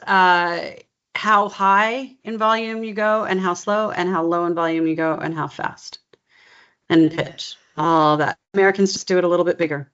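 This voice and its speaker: A woman working as a dialect coach, patiently explaining stress and pitch and demonstrating phrases aloud. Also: a bit bright. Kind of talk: coaching session. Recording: slightly dull lo-fi recording.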